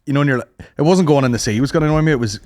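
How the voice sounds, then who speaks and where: A man's voice: medium pitch, racing, darkish tone, no room sound. A young man co-hosting a podcast, bantering crudely in casual comedy chat. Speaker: podcast co-host.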